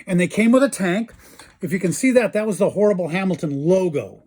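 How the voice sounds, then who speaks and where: A man's voice: high-pitched, animated, a little fast, a little mellow. A man hosting a casual show-and-tell about old toys, chatty and enthusiastic. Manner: enthusiastic, chatty, imitates toy sounds. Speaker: toy collector host.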